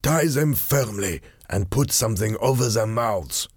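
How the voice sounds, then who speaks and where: A man voicing a cunning, cruel masked villain in a storybook reading, slow, menacing and commanding. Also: fairly low pitch, lively intonation, slightly rough, dry recording, studio quality, pitched above the performer's own voice.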